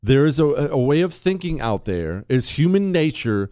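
A male talk show host giving opinionated commentary in an animated, sarcastic way, bantering with his producer. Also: on the high side, moderate pace, clear, resonant tone, no echo, studio quality.

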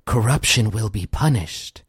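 A man voicing a group of divine judging statues that speak down from above, solemn and booming. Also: lively intonation, unhurried, breathy edge, no room sound, studio quality, exaggerated voice. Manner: booming, solemn, pronouncing judgment. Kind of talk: tabletop game voice acting.

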